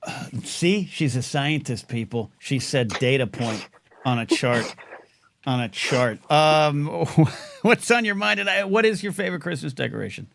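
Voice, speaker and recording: A man hosting a live call-in talk show, rambling and excitable with lots of restarts. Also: a little high, unhurried, vocal fry, a little hiss or hum. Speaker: host.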